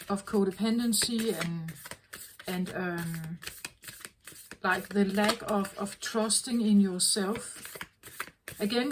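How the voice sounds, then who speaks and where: A woman tarot reader talking in a slow, earnest, reflective way, often repeating herself as she works through a thought. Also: medium pitch, noisy background. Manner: slow, repetitive, earnest, self-correcting. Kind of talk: reflective spoken reading.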